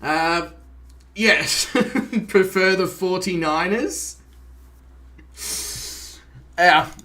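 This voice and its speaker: A man's voice: high voice, drawn-out words, bright, forceful tone. An Australian man chatting casually on a live stream, greeting viewers by name and swearing lightly as he sets up a flight sim.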